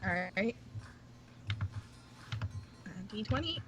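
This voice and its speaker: A woman's voice: fairly high pitch, animated, slow pace, very noisy. A woman playing a tabletop game, speaking hesitantly and laughing often. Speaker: player.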